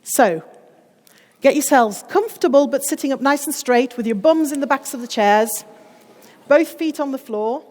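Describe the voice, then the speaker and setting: A middle-aged woman giving a wellbeing talk to a school group, upbeat and encouraging, slowing to a soothing pace when guiding breathing. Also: sits high, a little mellow, in a large hall. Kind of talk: guided class activity talk.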